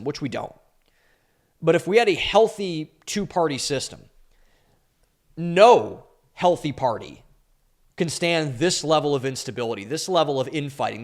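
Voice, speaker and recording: Young guy doing a solo commentary podcast, kinda high voice, emphatic, stretches out the big words. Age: young adult. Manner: emphatic, drawing out stressed words; energetic and opinionated. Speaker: podcast host. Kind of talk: cultural commentary monologue.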